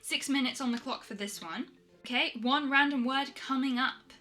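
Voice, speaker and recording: A woman vlogging a poetry challenge, chatting in a self-deprecating way and reading her poems aloud slowly and softly. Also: high-pitched, soft background music. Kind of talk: casual chat and poetry reading.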